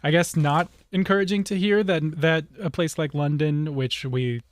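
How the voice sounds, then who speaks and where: A man's voice: fairly high pitch, steady tone, moderate pace, no echo, clean studio sound. A man co-hosting a casual talk show, speaking hesitantly with many fillers and restarts. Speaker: co-host.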